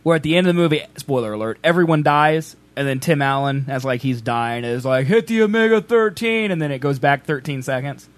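A man's voice: medium pitch, a little fast, hardly any pauses, no room sound. A young man co-hosting a podcast, joking around in casual banter and laughing often. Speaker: podcast co-host.

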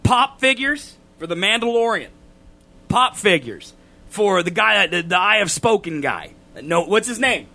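A man co-hosting a casual podcast, ranting loudly and getting exasperated. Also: sits high, big pitch swings, measured pace. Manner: loud, exasperated ranting that climbs into shouting. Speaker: podcast co-host.

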